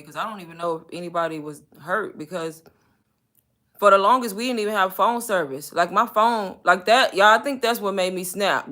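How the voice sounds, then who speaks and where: A young woman hosting a live stream, telling stories in an animated, chatty way. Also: medium pitch. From Texas. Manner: animated storytelling with laughs. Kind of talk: casual chat.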